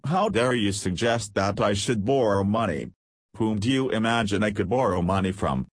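A man's voice: lowish voice, animated, normal speed, no room sound, clean studio sound. Man reading as a proud, indignant young woman. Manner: indignant, haughty when pressed. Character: agitated proud young woman, a girl in debt. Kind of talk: audiobook character reading.

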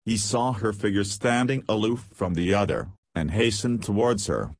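A man narrating an audiobook in a steady, measured reading. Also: lowish voice, dry recording.

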